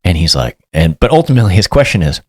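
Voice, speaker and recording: A man, a police sergeant, telling a story in a casual and animated way as a podcast guest, acting out what people said. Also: deep voice, fast, no echo, clean studio sound. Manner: animated, acts out quotes.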